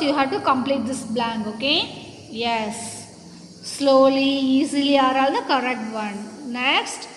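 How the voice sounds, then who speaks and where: A woman's voice: sits high, fairly bright tone, a little hiss or hum. A woman teacher leading a lesson for young children, drawing out each word with emphasis. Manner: drawn-out, emphatic word-by-word delivery, calls children "my dear children". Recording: echoey room with long reverb.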